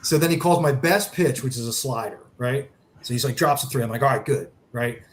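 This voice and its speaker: A charity founder appears as a guest on a casual podcast and tells a long sports story, animatedly acting out what people said. His mid-range voice moves a little fast, and there's slight background noise.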